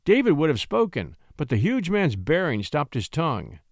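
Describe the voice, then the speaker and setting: Brief: male audiobook narrator, expressive and measured, slightly high voice. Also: gravelly, dry recording, studio quality. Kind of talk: storybook narration.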